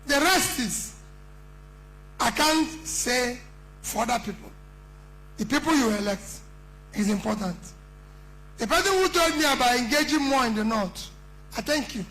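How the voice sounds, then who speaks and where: This very high-voiced man speaks a little slowly and pauses often, with lively intonation and a bright, forceful tone, captured on a rough recording. He's a middle-aged politician with a Nigerian accent, giving an emphatic, impassioned campaign speech at a conference that's full of rhetorical questions.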